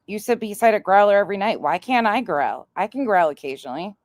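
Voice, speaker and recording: A woman's voice: medium pitch, expressive, quick pace, no room sound, clean studio sound. A woman hosting a commentary channel, talking back to played clips in a blunt, profane, confrontational way.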